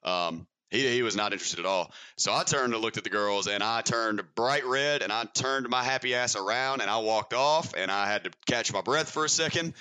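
A young man from Mississippi with a Southern accent and a deep voice, telling a rambling, self-mocking story as a podcast guest. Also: normal speed, hardly any pauses, bright, forceful tone. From Mississippi, USA. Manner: rambling, self-mocking, laughs through stories. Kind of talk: casual storytelling.

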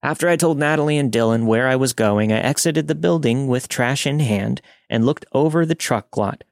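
A man narrating a first-person story in a steady, matter-of-fact way. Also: medium pitch, normal speed, gravelly, dry recording, clean studio sound.

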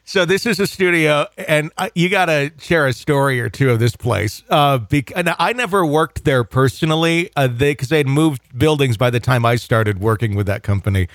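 A man's voice: fairly high pitch, animated, moderate pace, hardly any pauses, a bit bright, dry recording, studio quality. A man hosting a casual chat, rambling with restarts and frequent laughs. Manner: rambling, self-interrupting, laughs often. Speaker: podcast host.

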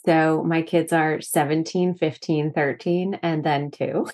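Low-voiced woman in her thirties, easygoing. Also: steady tone, unhurried, darkish tone. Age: 30s. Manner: open, easygoing storytelling. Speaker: podcast guest. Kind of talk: casual interview chat.

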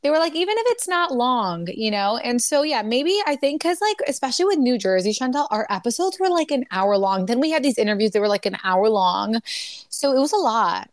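A woman's voice: a little high, expressive, brisk, no echo, studio quality. A woman in her thirties co-hosting a pop culture podcast, talking in a chatty, rambling way full of fillers. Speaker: podcast co-host. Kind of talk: casual chat.

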